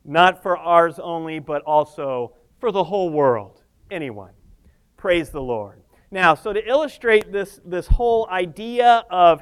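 A man preaching a sermon with passion, swinging between loud emphasis and hushed tones, with casual humorous asides. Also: high voice, lively intonation, measured pace, clear, resonant tone.

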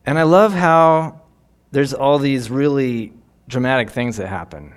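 A man's voice: mid-range voice, a little slow, smooth. A man giving devotional Bible teaching in an earnest, reflective way, lingering on key phrases.

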